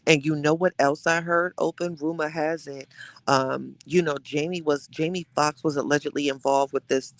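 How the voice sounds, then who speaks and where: A man hosting a live-streamed gossip show, chatting casually with his viewers in an animated, dramatic way and dropping into hushed asides. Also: medium pitch, vocal fry, dry recording.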